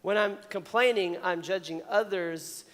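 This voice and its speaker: Man, youth pastor, high voice, casual sermon, lively, long church reverb. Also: unhurried. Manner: animated, chatty, playfully acts out complainers. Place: church auditorium.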